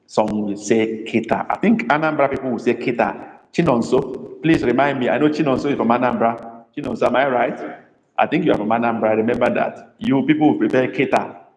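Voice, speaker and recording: A man's voice: medium pitch, a little fast, echoey room, big-room sound, low-quality recording. A man with a Nigerian accent teaching a live online language lesson, chatty and teasing as he calls on students by name. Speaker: Igbo language tutor.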